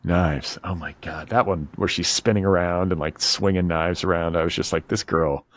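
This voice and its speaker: Middle-aged male podcast host, very low voice, dry and blunt in casual chat. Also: steady tone, moderate pace, no echo. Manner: wry, blunt, swears casually.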